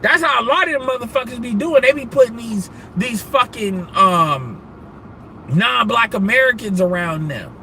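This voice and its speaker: Male streamer, bright ringing tone, loose profane rant delivery. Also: extremely high pitch, normal speed, a little hiss or hum. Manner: animated, profane, rambling, laughs often. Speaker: livestreamer. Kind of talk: casual live-stream rant.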